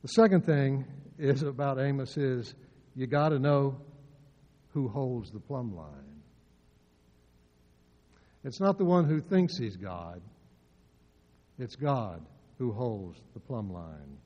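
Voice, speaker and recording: An older man preaching a sermon, telling stories and swinging between soft asides and loud, emphatic lines. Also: medium pitch, animated, slow, pauses often. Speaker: pastor. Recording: dull sound with long hall reverb.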